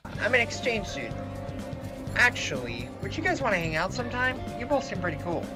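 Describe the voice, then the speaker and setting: A man's voice: high-pitched, fairly quick. A man playing a squealy, overeager exchange student. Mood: eager. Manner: squealing, hyper-energetic. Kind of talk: fan-made anime parody dub. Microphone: recorded over a voice call. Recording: music playing underneath. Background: background music.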